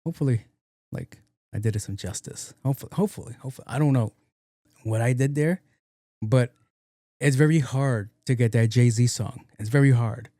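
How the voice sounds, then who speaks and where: A man's voice: medium pitch, brisk, warm tone, no echo, studio quality. A man hosting his own podcast alone, chatting casually in a rambling, slangy and profane way, recorded at home. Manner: rambling, slangy and profane, breaks into sung snippets. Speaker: podcast host. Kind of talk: casual solo chat. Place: home room with windows open.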